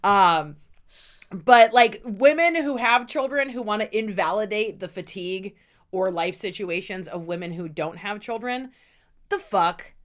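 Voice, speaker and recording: A woman's voice: medium pitch, unhurried, fairly bright tone. A middle-aged woman co-hosting a casual podcast, venting bluntly with plenty of swearing and mock outrage. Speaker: podcast co-host. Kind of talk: casual ranting chat.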